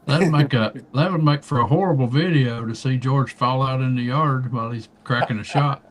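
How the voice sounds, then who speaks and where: A man's voice: mid-range voice, moderate pace, crowd noise. A man from Kentucky hosting a casual livestream, introducing guests one by one with folksy jokes. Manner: folksy, joking. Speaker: livestream host.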